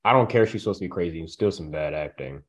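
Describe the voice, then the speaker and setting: A man's voice: deep voice, lively intonation, rapid-fire. A man co-hosting a podcast, giving dry, matter-of-fact verdicts in a casual movie chat. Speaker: podcast co-host.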